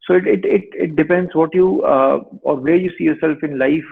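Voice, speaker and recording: A male lawyer in his thirties, giving measured advice in a webinar over a video call. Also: on the high side, vocal fry, breathy edge. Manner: measured, advisory. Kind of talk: webinar answer. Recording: tinny online call audio.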